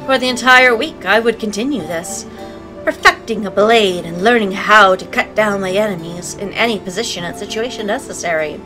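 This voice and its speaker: Bright-voiced woman reading a game aloud. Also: mid-range voice, moderate pace, faint music behind, low-quality recording. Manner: sarcastic, playful asides. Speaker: let's play narrator.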